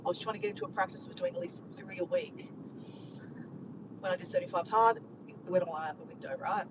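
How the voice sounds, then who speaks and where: A woman with a lowish voice talks fast to the camera in a casual, upbeat, rambling vlog. She's driving, and the recording is muffled with clear road noise.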